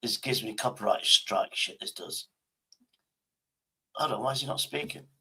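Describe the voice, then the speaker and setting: Husky streamer guy, talks to himself, swears a lot, casual. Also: medium pitch, normal speed, bright, forceful tone. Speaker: livestreamer. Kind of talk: casual livestream chat.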